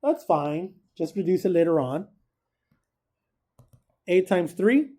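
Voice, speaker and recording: A man's voice: sits high, sing-song, takes it slowly, warm tone. A man teaching a casual recorded math lesson, chatty and joking, who keeps quizzing his students.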